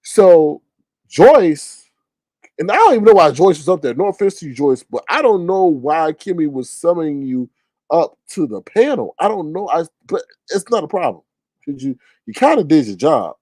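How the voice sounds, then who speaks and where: A man giving casual commentary in an animated, slangy way, repeating phrases for emphasis. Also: fairly high pitch, moderate pace, no echo.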